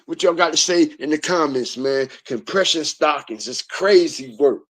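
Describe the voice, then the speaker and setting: Guy ranting on his channel, cussing a lot, kinda high voice, says stuff twice. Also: moderate pace. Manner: profane, heated, repeats his points. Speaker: online commentary host. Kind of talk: ranting video commentary.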